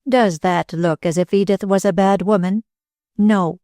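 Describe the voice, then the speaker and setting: A woman's voice: mid-range voice, fairly even intonation, unhurried, warm tone, dry recording, clean studio sound, close to an everyday voice. A woman voicing a loyal, earnest young woman who speaks vehemently in an audiobook.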